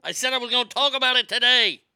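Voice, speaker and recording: Male stream host, profane ranting chat; smooth, clear voice, dry close sound. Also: very high voice, fast talker, sharp tone, no room sound. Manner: ranting, profane, reads viewer comments aloud. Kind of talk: casual live stream chat.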